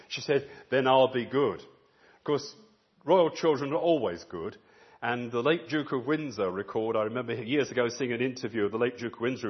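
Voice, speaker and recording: A man delivering a sermon with a lively, swooping delivery and a slightly husky voice. His voice sits a little high for a man. The recording is dull and lo-fi. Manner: animated storytelling, acts out quoted voices. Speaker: preacher.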